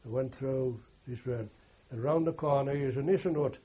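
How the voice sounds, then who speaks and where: Brief: older man, war veteran interviewee, husky dark voice, anecdotal rambling, old lo-fi recording. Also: mid-range voice, normal speed. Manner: rambling anecdotal, frequent "you know" and "like". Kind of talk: oral history recollection.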